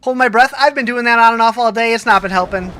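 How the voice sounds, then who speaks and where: Hiccuping streamer, bright crisp tone, mid pitch, loose chatty chat-reading delivery. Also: fast talker, no echo. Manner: chatty, answers chat questions with many restarts. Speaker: game streamer. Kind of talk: casual live-stream chat, reading viewer comments.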